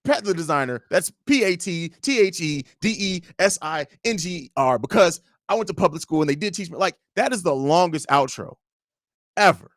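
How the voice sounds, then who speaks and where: A young man hosting a casual livestream, reading viewer comments aloud and answering them in a blunt, profane, animated way. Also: on the high side, normal speed, no room sound, clean studio sound. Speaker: livestream host.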